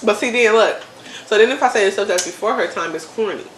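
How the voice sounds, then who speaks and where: A woman's voice: mid-range voice, fast talker, roomy sound, slight background noise, poor audio. A woman in her thirties, hosting a casual chat and laughing often as she repeats words. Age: 30s. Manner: animated, laughing, repeats words to test them. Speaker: mother and channel host.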